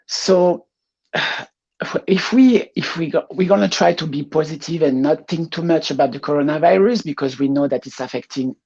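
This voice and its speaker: A woman with a French accent, a pageant showgirl talking as a guest in a casual interview, laughing often and pausing to find her words. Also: low voice, warm tone, breathy edge, highs cut off.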